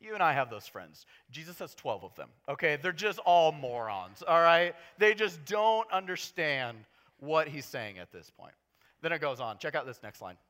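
A man preaches a casual, conversational sermon with jokes, swinging from near-whispers to loud bursts. His voice is bright and fairly high, with a lively, wide-ranging pitch. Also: moderate pace. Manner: animated, jokey, swings from hushed to loud.

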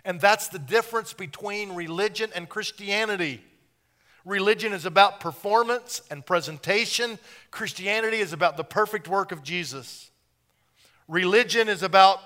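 A man preaching a sermon in a folksy, joking way, building up to loud, animated emphasis. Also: sits high, moderate pace.

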